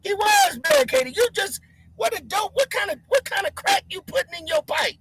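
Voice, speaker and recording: A live stream host giving heated commentary, answering chat and mocking commenters by name while shouting. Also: very high voice, huge pitch swings, moderate pace, low-quality recording.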